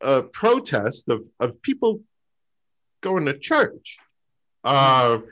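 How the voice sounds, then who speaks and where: A man doing a stand-up story over a video call, halting, with lots of fillers and pauses. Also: mid-range voice, big pitch swings, sharp tone, lo-fi sound. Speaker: stand-up comic.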